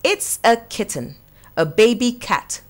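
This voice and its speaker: A woman voicing a calm, knowing farm horse in a children's storybook reading, explaining things plainly. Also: a little high, slow.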